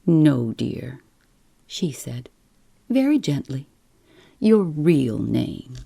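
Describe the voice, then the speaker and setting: Low, slow, husky woman storyteller. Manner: soft, slow and soothing. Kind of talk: bedtime story reading.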